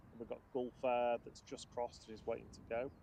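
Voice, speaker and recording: Male co-host, relaxed spotter commentary, outdoor airport ambience, faint background noise. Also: medium pitch, fairly quick, vocal fry. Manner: relaxed, reads out flight details and chat messages. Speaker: plane spotting stream co-host. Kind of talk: casual live commentary. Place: outdoors beside an airport runway.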